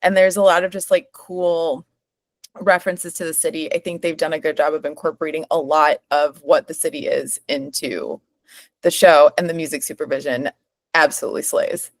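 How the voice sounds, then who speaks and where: Lower-voiced chatty woman from Chicago. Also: steady tone, moderate pace, dry recording. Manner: enthusiastic, filler-heavy. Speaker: podcast co-host. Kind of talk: casual chat.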